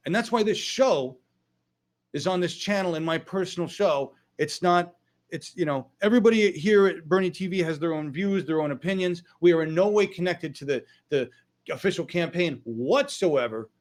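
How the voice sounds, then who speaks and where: A man's voice: a little high, lively intonation, normal speed. A man hosting his own online political show, ranting angrily with frequent profanity and emphatic outbursts. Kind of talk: political rant.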